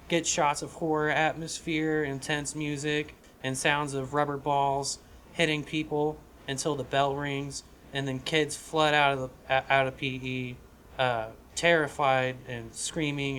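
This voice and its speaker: A man co-hosting a podcast, casually pitching a comedy script with profanity and lots of restarts. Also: little pitch movement, unhurried, fairly bright tone, a little hiss or hum. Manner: rambling, profane, frequent restarts. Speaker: podcast co-host.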